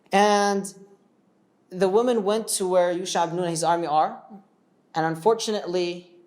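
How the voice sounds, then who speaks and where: A man's voice: high voice, a little mellow. Casual, digressive male storyteller. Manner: conversational, digressive, checks in with the listener. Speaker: teacher of religious stories.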